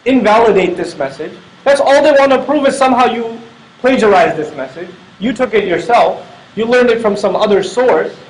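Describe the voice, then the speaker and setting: High-voiced man giving an echoey lecture. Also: lively intonation, moderate pace. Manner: explanatory, repetitive emphasis, acts out quoted dialogue. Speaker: Islamic speaker. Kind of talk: Quran lecture.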